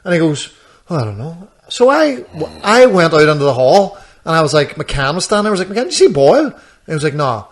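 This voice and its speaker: A man's voice: a little high, sing-song, fast talker. A man, co-hosting a podcast and telling a rambling story, acting out what people said. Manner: rambling storyteller, acts out quoted dialogue. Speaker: podcast co-host. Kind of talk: casual chat.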